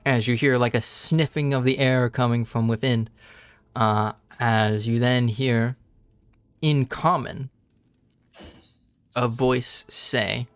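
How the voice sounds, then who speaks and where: A man narrates as game master of a tabletop game, taking his time with frequent pauses and fillers. His voice sits at an ordinary pitch, and the recording is dry with little room sound. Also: fairly even intonation, smooth, dry recording. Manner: unhurried, with many pauses and fillers.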